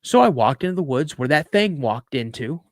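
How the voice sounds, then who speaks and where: A middle-aged man telling a childhood story as a podcast guest, acting out the shouting between himself and his father. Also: on the high side, lively intonation, normal speed, no room sound, studio quality. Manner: acts out dialogue with raised voice. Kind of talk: animated storytelling.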